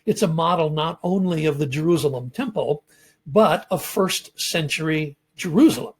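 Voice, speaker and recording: Explaining scripture carefully, a man teaching the Bible lectures in a husky, rather high voice. He often stops to fill gaps with "um" and "uh."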